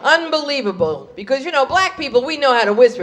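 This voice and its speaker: Brash woman stand-up comic, a little high. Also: quick pace, few pauses. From USA. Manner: brash, storytelling, animated. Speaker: stand-up comedian. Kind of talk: stand-up comedy.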